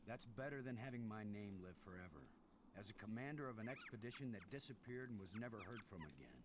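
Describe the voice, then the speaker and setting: Guy doing a blunt space commander in an old adventure game, lively voice, bit of noise behind. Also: on the low side, fast, natural voice. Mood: impatient. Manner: blunt, dismissive. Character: brash male space commander, blunt and impatient. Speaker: game character, expedition commander. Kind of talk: 1990s adventure game voice acting.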